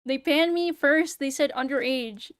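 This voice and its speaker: A woman's voice: high voice, unhurried, no echo. A young woman streamer in casual livestream chat, ranting sarcastically and swearing freely into a close mic. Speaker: VTuber streamer.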